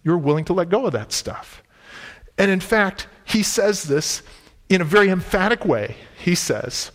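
A male preacher with a fairly high voice, delivering a sermon in a relaxed, conversational way. He leans hard on key words and retells scripture in plain modern speech. The sound carries a long reverb, like a large church hall. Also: normal speed. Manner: conversational, emphatic, paraphrasing scripture in everyday speech.

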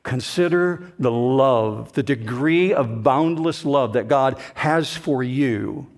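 Slow, emphatic male preacher. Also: mid-range voice. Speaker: pastor. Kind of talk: sermon.

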